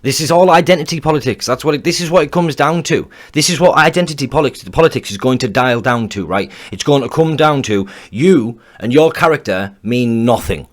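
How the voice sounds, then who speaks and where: A man's voice: medium pitch, lively intonation, fairly quick, few pauses. Ranting man. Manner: heated, blunt, swears, repeats himself. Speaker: commentator reacting to clips. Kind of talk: ranting reaction commentary.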